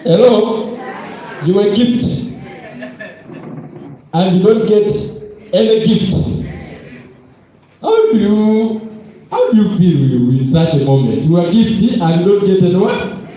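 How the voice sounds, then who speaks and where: A man with a Zambian accent hosting a motivational event on stage, energetic and playful as he calls on the audience to respond. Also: sits high, slow, pauses often. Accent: Zambian English. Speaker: event host. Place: large hall with a live crowd. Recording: echoey hall with crowd.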